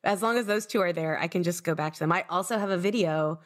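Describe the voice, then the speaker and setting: A woman podcast host and author talking in casual conversation, chatty and eager, with quick bursts of speech. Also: lowish voice.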